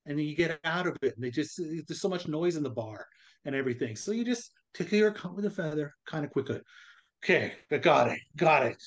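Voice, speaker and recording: A man with a slightly higher pitch co-hosts a casual podcast. He spins a long joke with animated delivery and slips into quick voices for the people in it. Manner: animated storyteller, acts out voices. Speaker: podcast co-host.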